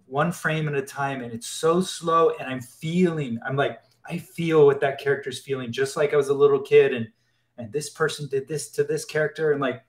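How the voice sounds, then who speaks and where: A man's voice: on the high side, fairly bright tone. A man, an animator guest in an interview, talking casually and eagerly, often repeating and restarting his words as he gets carried away.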